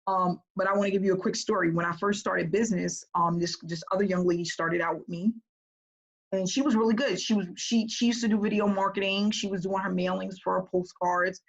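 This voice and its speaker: A woman business coach talking to her group in a casual, energetic way, often checking in with "right?". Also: medium pitch, a little fast, poor audio.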